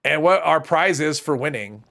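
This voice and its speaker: A man with a stuffy nose rambling through casual livestream commentary, his voice a touch high and gravelly with fry. He thinks out loud as he plays. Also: expressive, normal speed. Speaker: gaming streamer.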